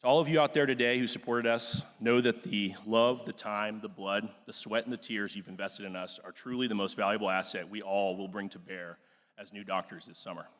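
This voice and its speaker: A man's voice: lowish voice, steady tone, fairly quick, fairly bright tone. A young man, class president, giving an earnest, emotional ceremony speech with frequent fillers in a large auditorium. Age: young adult. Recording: long hall reverb.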